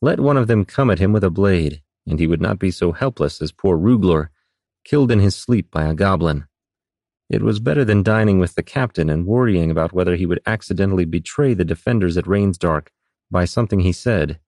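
Deep-voiced male audiobook narrator. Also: brisk, no echo, clean studio sound. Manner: steady, even storytelling delivery.

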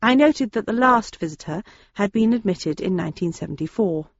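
A woman's voice: medium pitch, animated, brisk, no echo, muffled recording. A woman narrating a novel in the first person, in a dry, wry storytelling manner. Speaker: audiobook narrator.

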